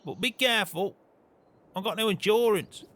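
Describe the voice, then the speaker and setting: A man's voice: sits high, normal speed, fairly bright tone. A man playing a grumbling farmer. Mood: complaining. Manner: grumbling, peppers every line with swearing. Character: grumpy swearing northern farmer man. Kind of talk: game role-play chat.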